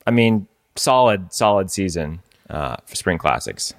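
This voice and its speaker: A man's voice: sits low, sing-song, a little slow, vocal fry. A man co-hosting a casual podcast chat, talking in a loose, rambling way with many fillers. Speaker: podcast co-host. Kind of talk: casual chat about cycling.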